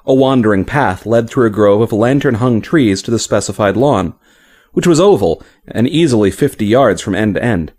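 A man narrating a fantasy short story in an expressive, scripted audiobook reading. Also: on the low side, moderate pace, husky.

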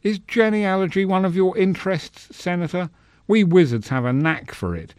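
A man voicing a calm, sly old male wizard who speaks in a cool, faintly mocking murmur. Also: high voice, moderate pace, clear, resonant tone, no room sound, clean studio sound, voice pushed up. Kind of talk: storybook reading.

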